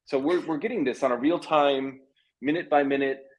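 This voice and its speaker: A man's voice: on the high side, a little hiss or hum, close to an everyday voice, poor audio. A man doing a blunt tech boss, shaky South African accent. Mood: matter-of-fact. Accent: South African, put on. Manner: terse, halting, dismissive. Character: blunt male tech CEO, impression. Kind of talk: comic impression on a livestream.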